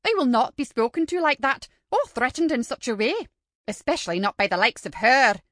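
A woman's voice: high-pitched, big pitch swings, fairly quick, fairly bright tone, no room sound, studio quality, voice pushed up. A woman voicing a spiteful, bullying older female teacher with a stern, contemptuous way of scolding. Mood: indignant.

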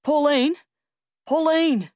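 A woman voicing an excitable grown man who runs a surf contest, speaking in an urgent, emphatic and blunt way in an audiobook. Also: mid-range voice, normal speed, no echo, studio quality, lightly acted. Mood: excited. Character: excitable adult male surf contest director.

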